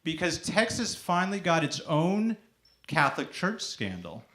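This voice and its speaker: Sing-songy stand-up comic, lively pitch. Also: male voice, measured pace. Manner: sing-songy, talks as if everything is a question. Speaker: stand-up comedian. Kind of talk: stand-up set. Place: comedy club stage before a live audience. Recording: noisy live club recording.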